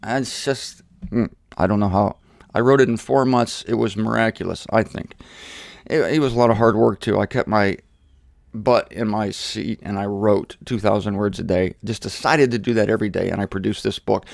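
Casting: male Bible teacher, casual and rambling, low-key, dry close mic. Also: steady tone, normal speed, vocal fry, dry recording. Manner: conversational and digressive, with self-deprecating asides.

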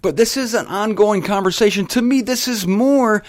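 With a high voice at a moderate pace and no echo, a male show host teaches the Bible. He's emphatic and chatty, addressing listeners directly, drifting into asides, and spelling out words letter by letter.

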